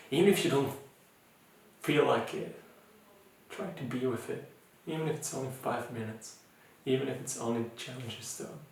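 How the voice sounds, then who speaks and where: A man with a non-native English accent, leading a mindfulness challenge as its teacher in an informal, gentle talk full of fillers and restarts. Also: medium pitch, slight background noise. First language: not English. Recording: echoey room, voice from far off.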